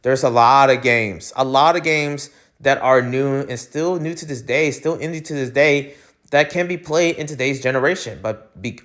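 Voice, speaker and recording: A man from the United States hosting his own podcast, who rambles with lots of fillers and restarts and gets heated and emphatic. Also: medium pitch. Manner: heated and emphatic when ranting. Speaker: podcast host. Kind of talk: solo podcast rant.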